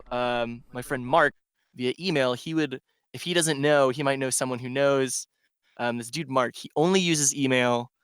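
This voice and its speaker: Smooth-voiced man rambling through a story. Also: medium pitch, a bit bright, dry recording, clean studio sound. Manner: rambling storyteller, heavy "like" filler. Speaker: DJ guest. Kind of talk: casual podcast chat.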